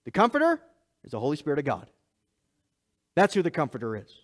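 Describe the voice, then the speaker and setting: A man preaching a sermon as pastor of a church, emphatic and repetitive, swinging between loud and hushed lines and speaking straight to the congregation. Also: a little high, wildly swooping pitch, fast. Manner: laughs at himself, talks to the congregation directly.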